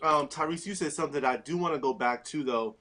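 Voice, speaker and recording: Bright-voiced man moderating a panel. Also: a little high. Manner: thoughtful, searching questions with many pauses. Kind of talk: moderating a faith panel discussion.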